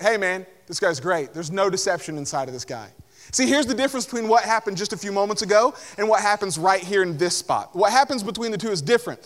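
Man, young adult, casual sermon, chatty with lots of "like", high voice. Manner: conversational, lots of "like", acts out voices of Bible figures. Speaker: pastor.

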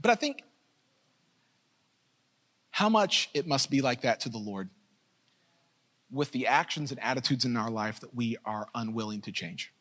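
A man preaching a sermon, telling a funny story with lively jokes, then turning quiet and earnest. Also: mid-range voice, unhurried, pauses often. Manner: animated, joking, builds to shouting then drops to a hushed earnest tone. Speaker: pastor.

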